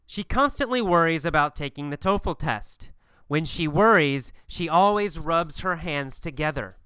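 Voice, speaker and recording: A man teaching an English lesson, speaking slowly and emphatically and repeating phrases for learners to copy. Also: a little high, animated, bright, forceful tone, clear, resonant tone, no room sound, clean studio sound. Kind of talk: scripted language lesson.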